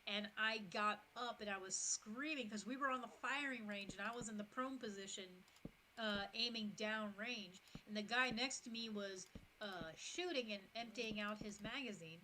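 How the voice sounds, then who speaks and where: A woman in her thirties chatting on a game stream, telling stories in an animated way and acting out what people said. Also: mid-range voice, moderate pace, slight background noise, low-quality recording. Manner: animated, chatty, acts out quotes. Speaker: streamer, military veteran. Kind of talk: casual storytelling on a game stream.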